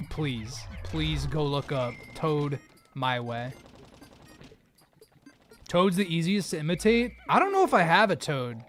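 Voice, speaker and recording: A man casually chatting on a live stream while gaming, jokey and rambling, quick to laugh at himself. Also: a little high, sing-song, fairly bright tone, soft background music.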